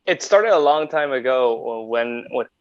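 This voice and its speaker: A man's voice: medium pitch, animated, measured pace, dry recording. Playful man from Honduras chatting. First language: Spanish. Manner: playful, fond of putting on voices. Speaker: podcast guest. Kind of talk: casual chat. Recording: dull dry lo-fi audio.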